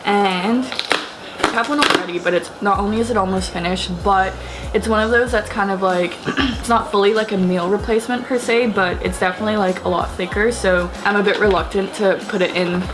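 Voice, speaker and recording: A woman's voice: mid-range voice, steady tone, brisk, background noise. A young woman, a physiotherapy student, chatting casually to camera in a vlog, full of fillers. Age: young adult. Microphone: camera and phone cam. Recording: music bed under the voice.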